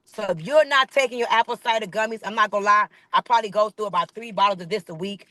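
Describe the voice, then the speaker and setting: A woman leading a network marketing training call, giving an energetic, preachy sales pitch that repeats phrases for emphasis. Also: quick pace, no room sound. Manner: hyped, preachy, calls the audience "baby" and "y'all".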